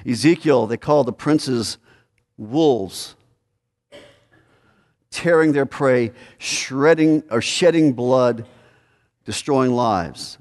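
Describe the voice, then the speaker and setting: A man's voice: medium pitch, takes it slowly, long pauses, a little mellow. A man preaching a conversational expository sermon, asking questions and pressing his points with emphasis. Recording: hall reverb.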